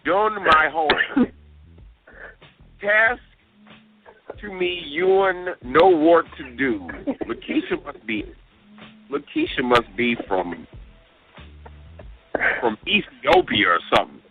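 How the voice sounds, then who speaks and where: Man, radio co-host, reading listener emails, exasperated, disbelieving, lively swooping pitch, slow delivery, phone-like sound. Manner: exasperated, incredulous outbursts. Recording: tinny phone-line radio sound with music.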